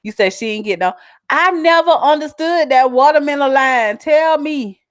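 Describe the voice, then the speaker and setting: Woman vlogger, South Carolina twang, chatty and animated, dry close recording. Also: high-pitched, normal speed, no echo. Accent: South Carolina country twang. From South Carolina, USA. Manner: chatty, animated, laughs often. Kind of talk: casual chat reading viewer comments.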